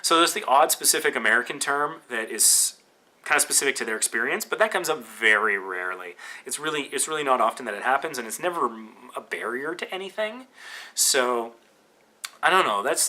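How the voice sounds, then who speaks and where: A man's voice: mid-range voice, lively intonation, moderate pace, bright, forceful tone. A Canadian man hosting a podcast, talking casually and rambling with fillers and restarts. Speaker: podcast host.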